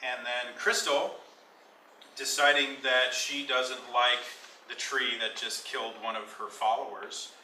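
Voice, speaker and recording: Bright-voiced man running a tabletop game. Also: medium pitch, level tone, a little slow. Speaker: dungeon master. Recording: echoey room, mic far off, faint hiss.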